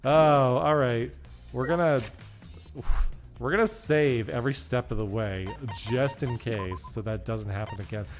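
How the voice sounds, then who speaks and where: A man's voice: mid-range voice, unhurried, faint music behind. Frustrated young man streaming a game. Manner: frustrated, swearing, self-mocking rants. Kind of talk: casual gaming stream commentary.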